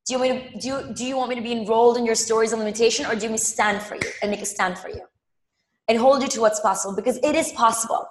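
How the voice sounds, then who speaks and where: A woman's voice: a little high, steady tone, very fast, reverberant, slight background noise. A woman leading a live money coaching session, emphatic, repeating phrases and calling viewers by name. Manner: addresses viewers directly by name.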